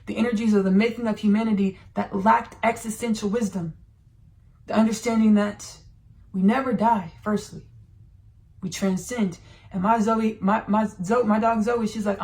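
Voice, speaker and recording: A woman with a mid-range voice and a gravelly, fry-laced texture hosts a spiritual podcast. She speaks slowly and meditatively, drawing out her words. She moves between a channeled monologue and personal sharing. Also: medium pitch, fairly even intonation, darkish tone. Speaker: podcast host.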